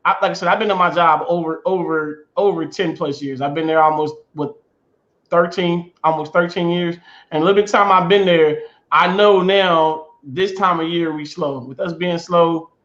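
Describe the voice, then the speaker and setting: Midwest guy cohosting a chat, fairly high voice, echoey muffled room. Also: moderate pace. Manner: animated storytelling, repeats himself, laughs. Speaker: podcast co-host. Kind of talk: casual chat.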